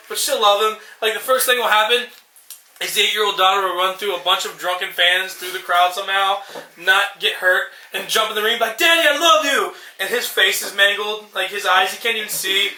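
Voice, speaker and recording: Young male co-host, sarcastic profane ranter, sharp high voice, roomy sound. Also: level tone, a little fast. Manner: sarcastic, profane, acts out movie lines. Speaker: podcast co-host. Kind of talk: casual ranting chat.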